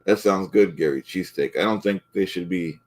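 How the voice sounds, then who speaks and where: A man's voice: low-pitched, a little fast, a little mellow. A man playing Ray DeVito, a touchy blowhard. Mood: blustering. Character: pompous, touchy middle-aged man cooking eggs live. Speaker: livestream host in character. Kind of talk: improvised character comedy stream.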